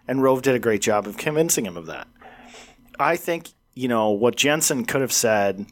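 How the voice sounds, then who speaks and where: A man's voice: mid-range voice, expressive, brisk. A man co-hosting a casual political talk show, retelling comedians' bits and acting out the quotes with a laugh.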